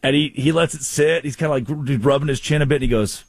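A man hosting a casual comedic chat show, telling stories with lively voiced quotes. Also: mid-range voice, quick pace, no echo. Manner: animated storytelling, voices quotes. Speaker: show host.

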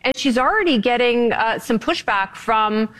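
A woman hosts a TV panel show with a wry, punchy delivery. Her voice sits a little high. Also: expressive, normal speed, a bit bright, rough recording. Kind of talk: TV panel commentary.

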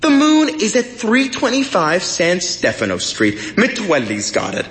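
A defiant young woman speaks in a lifted, higher register and tosses off wry, matter-of-fact replies, as a man reading a story puts her on. She sounds unshaken and a little mocking. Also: wildly swooping pitch, measured pace, fairly bright tone, echoey room, heavily acted. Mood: teasing.

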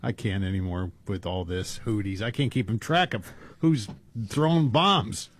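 A man's voice: fairly low pitch, normal speed. A man co-hosting a radio talk show, joking and sounding exasperated, often laughing. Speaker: radio co-host.

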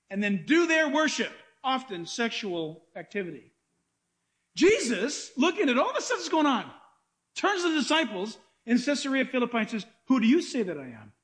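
Middle-aged male preacher, very high voice, animated sermon delivery, plays out quotes. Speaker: pastor.

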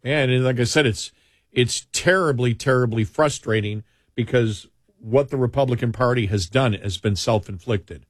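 A man's voice: medium pitch, moderate pace, dry recording, studio quality. Indignant male political talk co-host. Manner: indignant, repetitive, rambling restarts. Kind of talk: political talk radio commentary.

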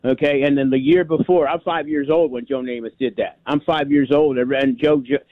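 A man's voice: mid-range voice, fairly even intonation, brisk, no room sound. A man in his sixties from New York, calling in to a radio show and rambling fervently, often repeating himself. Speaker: caller. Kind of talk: call-in radio chat. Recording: phone line.

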